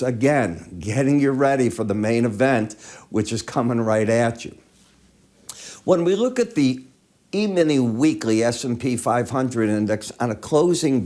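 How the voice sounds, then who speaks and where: A man's voice: medium pitch, a little mellow. A man with allergy sniffles giving conversational chart-by-chart market commentary, asking the viewer rhetorical questions.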